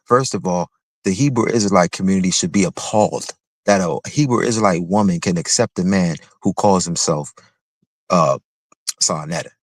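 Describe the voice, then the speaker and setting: A man with a low-pitched voice delivers a heated commentary rant on his own livestream. He speaks in a confrontational, mocking way, repeating his phrases. The sound is dry and close, with no room around it. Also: normal speed, no echo. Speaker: livestream host.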